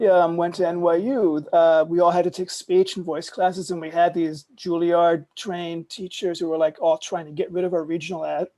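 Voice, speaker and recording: A man's voice: on the high side, level tone, normal speed, hardly any pauses, mellow. A middle-aged man from Germany with a faint German accent, an actor chatting thoughtfully on a video-call panel, hesitating often with ums. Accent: slight German.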